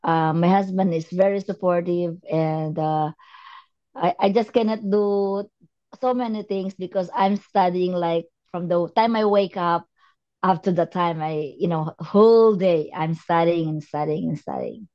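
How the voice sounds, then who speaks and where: A woman's voice: fairly low pitch, unhurried, dark tone, lo-fi sound. A woman student speaking earnestly on a video call, with devout exclamations.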